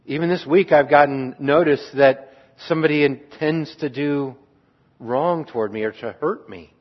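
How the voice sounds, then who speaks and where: A man preaching an earnest, reflective sermon on a psalm as a pastor, trailing off softly at times. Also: fairly high pitch, moderate pace. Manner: earnest, reflective, with restarts and soft trailing endings. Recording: dull lo-fi sound.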